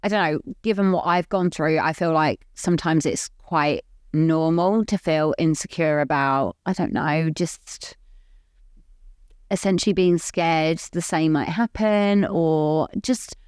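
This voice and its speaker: A woman's voice: sits low, a little slow, darkish tone, clean tone, no echo, studio quality. A woman co-hosting a podcast, talking openly in a rambling, earnest way full of "like". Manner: rambling, heavy use of "like", open and earnest. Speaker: podcast co-host. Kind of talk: candid casual chat.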